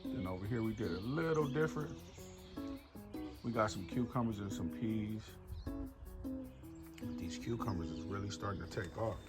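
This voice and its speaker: A man casually walking viewers through his home garden, chatty and relaxed, calling them y'all. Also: lowish voice, normal speed, long pauses. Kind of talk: casual walk-through narration. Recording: music playing clearly behind the voice.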